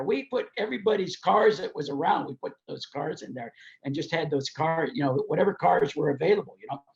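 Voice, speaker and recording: An older man with a rough, gravelly voice pitched a little high tells stories as a podcast guest. He jumps into the voices of the people he describes. The sound is dull and lo-fi. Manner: animated, acts out quoted voices while telling anecdotes. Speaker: guest, race promoter. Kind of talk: storytelling in a podcast interview.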